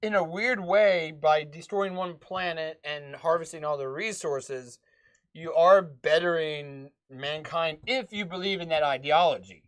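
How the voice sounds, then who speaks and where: A man's voice: on the high side, a little slow, a bit bright, no room sound. A man co-hosting a podcast, laying out his argument in casual chat through hypotheticals. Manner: argumentative, builds points with hypotheticals. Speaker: podcast co-host.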